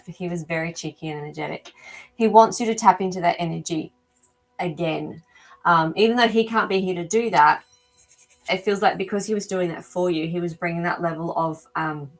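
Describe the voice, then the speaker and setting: A woman hosting a live animal communication show. She speaks in a casual, searching way with many ums and answers viewers' comments as they come in. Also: on the low side. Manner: hesitant, searching for words with frequent ums. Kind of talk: live-stream reading, casual chat.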